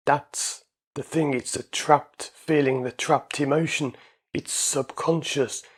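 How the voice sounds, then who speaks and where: A man's voice: medium pitch, husky. A man, an anxiety coach and hypnotherapist, explaining his ideas in a casual, conversational way and repeating his points.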